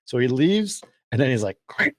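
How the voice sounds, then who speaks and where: A man's voice: mid-range voice, lively intonation, normal speed, dry recording. A man co-hosting a casual film podcast, animatedly retelling the plot and acting out the characters' lines. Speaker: podcast co-host. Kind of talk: casual film-discussion chat.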